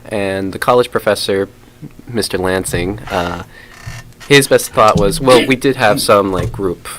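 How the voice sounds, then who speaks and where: A man, a guest musician on a radio interview, speaking in a slow, hesitant, measured way. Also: fairly low pitch, a bit bright, a little hiss or hum, rough recording.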